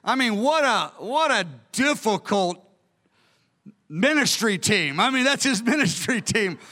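A male pastor preaches a sermon in a high, lively voice. He tells the story animatedly and acts out its scenes. His tone is bright and forceful. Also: unhurried.

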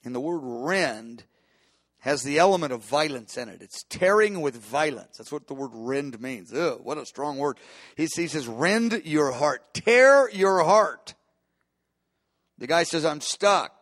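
A man's voice: mid-range voice, moderate pace, no echo. Impassioned male preacher, dry sound. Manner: impassioned, builds to emphatic peaks, frequent restarts. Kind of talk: sermon.

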